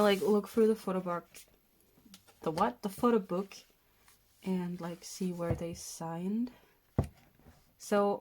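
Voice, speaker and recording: A nineteen-year-old woman from Denmark, chatting casually and excitedly while unboxing, often gasping, giggling and swearing. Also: mid-range voice, a little hiss or hum. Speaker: vlogger.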